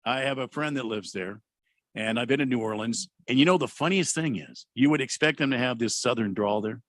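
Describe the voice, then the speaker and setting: A man's voice: medium pitch, fairly quick. A man co-hosting a radio show, telling stories in a rambling, casual way. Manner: storytelling, rambling with restarts. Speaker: radio co-host.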